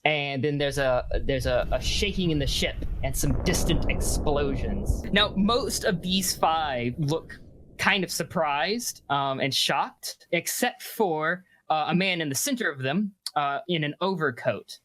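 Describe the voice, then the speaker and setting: A woman's voice: low-pitched, animated, a bit bright, a little hiss or hum. A woman narrating as game master, loose and chatty, full of fillers. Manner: loose, filler-heavy narration with quick voiced asides.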